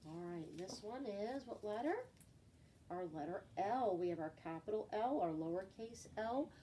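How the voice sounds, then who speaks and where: A patient woman leads a children's phonics lesson, drawing out each example word slowly. Her voice is mellow and soft, picked up from a little way off the mic. A faint hiss sits underneath. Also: mid-range voice, animated. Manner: slow, patient, drawn-out example words. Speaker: teacher. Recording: voice from a distance, faint background noise.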